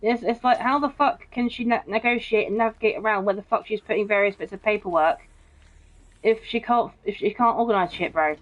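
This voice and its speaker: A gaming streamer, a young woman with a mid-range voice talking a little fast, casually reads viewer comments while she plays. She swears freely, speaks bluntly and keeps dropping "bro." Her audio is muffled and dull.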